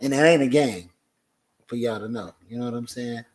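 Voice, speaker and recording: A man's voice: medium pitch, normal speed. A man hosting a podcast in a casual, laid-back way, talking straight to his viewers. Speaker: podcast host.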